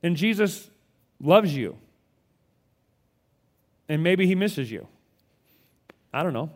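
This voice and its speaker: A male pastor preaching a conversational sermon with animated delivery, often repeating words as he goes. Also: sits high, moderate pace.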